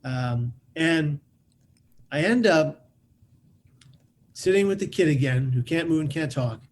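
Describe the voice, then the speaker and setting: A man tells a personal story as a podcast guest in an animated way. His voice is fairly high, and he often repeats words as he rushes ahead. Faint noise sits under the recording. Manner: lively, repeats words while rushing on.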